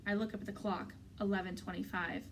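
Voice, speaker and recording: A woman's voice: medium pitch, quick pace, far from the mic, slight background noise, poor audio. Woman reading a novel aloud, off-mic. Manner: steady, clear storytelling. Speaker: teacher reading a book aloud.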